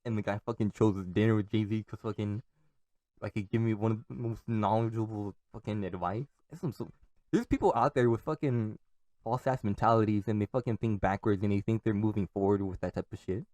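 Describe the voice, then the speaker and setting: A man's voice: fairly low pitch, steady tone, fairly quick, darkish tone, no room sound. A young man from California, rambling on his own podcast, swearing a lot and laughing at his own stories. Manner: profane, rambling, laughs often. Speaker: podcast host.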